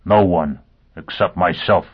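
Man doing a gruff deep escapee, blunt and pushy, lo-fi tinny sound. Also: unhurried. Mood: curt. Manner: gasping, blunt, urgent. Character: desperate, brutal male escapee. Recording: tinny lo-fi phone-like audio.

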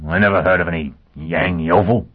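A man's voice: low voice, fairly even intonation, fairly quick. A man playing a blunt, urgent male fugitive. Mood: curt. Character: desperate, brutal male escapee. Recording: tinny lo-fi phone-like audio.

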